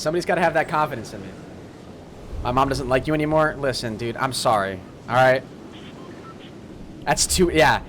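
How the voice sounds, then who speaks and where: A man streaming a game live, commenting on play and talking straight to his chat in a lively, apologetic way. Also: medium pitch, a little hiss or hum. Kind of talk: live gameplay commentary and chat shout-outs.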